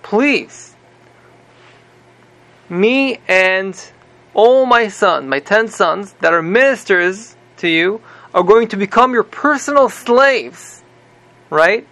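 A frantic royal minister begs and stammers, tripping over every word. His voice sits high and gravelly. A man acts him out in a class retelling. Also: expressive, slow, pauses often, pushed and bright, exaggerated voice. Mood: desperate pleading. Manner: stuttering, pleading.

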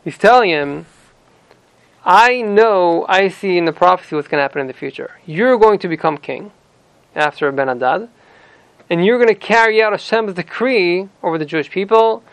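Here the Torah teacher speaks briskly in a high voice with vocal fry. He reads verses in Ashkenazi-accented Hebrew, then explains them in plain English to a student, captured on a low-quality recording without echo.

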